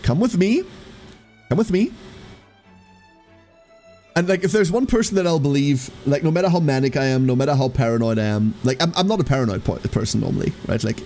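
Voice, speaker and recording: A man's voice: medium pitch, animated, quick pace, few pauses, darkish tone, soft background music. A man live streaming who tells a rambling story to his chat and swears freely.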